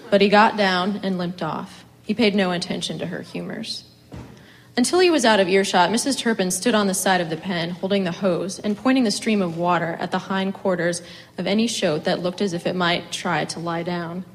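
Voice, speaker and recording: A woman reading a story aloud in a measured, expressive way. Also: lowish voice, low-quality recording. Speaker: reader.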